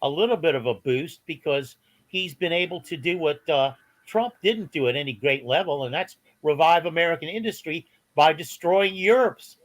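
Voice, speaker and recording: A man with a somewhat raised pitch. He talks on a political podcast in a halting, incredulous way, restarting his sentences. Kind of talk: casual political chat.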